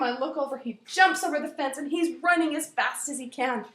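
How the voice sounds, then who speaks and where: A woman telling a personal story aloud in an animated way, dropping to whispers and rising to loud outbursts. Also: sits high, brisk, few pauses, reverberant.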